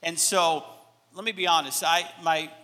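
Southern guy preaching, high bright voice, big hall echo, folksy and jokey. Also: fairly even intonation, normal speed. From Alabama. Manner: folksy, self-deprecating storytelling. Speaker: pastor. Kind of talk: sermon.

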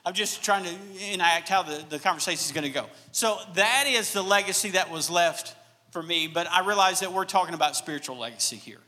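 A man's voice: high-pitched, a little fast, sharp tone, long reverb tail. A man from Alabama with a light Southern accent, preaching a sermon with folksy, self-deprecating storytelling. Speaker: pastor.

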